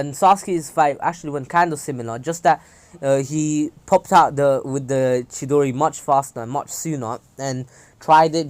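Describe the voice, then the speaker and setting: A man's voice: a little high, a little mellow. A young man casually retelling a fan story, rambling with many fillers and restarts. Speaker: channel host.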